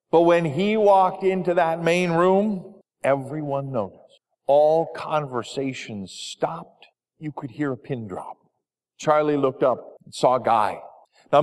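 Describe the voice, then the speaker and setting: A man, a pastor, telling a story in a sermon with earnest delivery and dramatic pauses. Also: fairly high pitch. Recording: long hall reverb.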